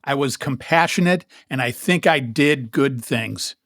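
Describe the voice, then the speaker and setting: A man's voice: medium pitch, measured pace, fairly bright tone, dry recording, studio quality. A man co-hosting a podcast, chatting casually and telling a story with wry humor and acted-out dialogue. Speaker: podcast co-host. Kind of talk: casual chat.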